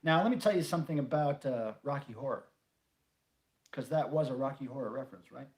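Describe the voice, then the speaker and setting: A man's voice: mid-range voice, fairly quick, slight background noise. A middle-aged man from North Carolina hosting a casual home livestream, joking and reading viewer comments aloud. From North Carolina, USA. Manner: chatty, jokey, reads viewer comments aloud. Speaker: livestream host. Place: home room.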